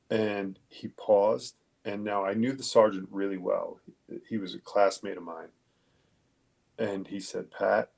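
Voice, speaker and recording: Gravelly low-voiced man, blunt and profane. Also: fairly even intonation, unhurried. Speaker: police detective, podcast guest. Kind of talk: conversational interview storytelling.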